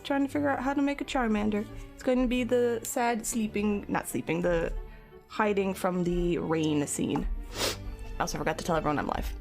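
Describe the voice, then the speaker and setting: A woman chatting casually with live viewers while she sculpts at her art desk, greeting people by name and dropping into soft mutters now and then. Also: mid-range voice, steady tone, moderate pace, vocal fry, faint music behind. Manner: drops into soft mutters and whispers. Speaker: streamer. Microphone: camera mic.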